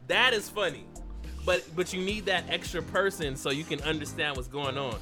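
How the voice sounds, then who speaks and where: A young man with a bright, forceful voice, talking animatedly on a podcast and swearing freely. He rambles with energy and keeps calling his co-host "bro." Faint music sits in the background. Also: high voice, normal speed. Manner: animated, swears a lot, says "bro" often. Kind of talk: casual chat.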